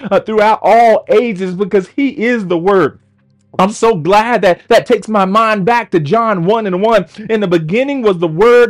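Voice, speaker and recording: A man preaching an online sermon with impassioned delivery, often repeating words as he builds. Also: high voice. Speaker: pastor.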